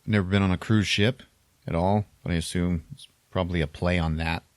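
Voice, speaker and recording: Man, podcast co-host, casual movie recap, acts out quotes, low voice, dry close mic. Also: fairly quick, no echo. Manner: animated retelling with acted-out quotes and laughter.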